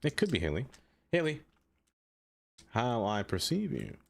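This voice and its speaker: While playing a city-building game on a live stream, a man chats casually, rambling, answering viewers by name, and using "like" a lot. His medium-pitched voice is unhurried and creaky, with huge pitch swings.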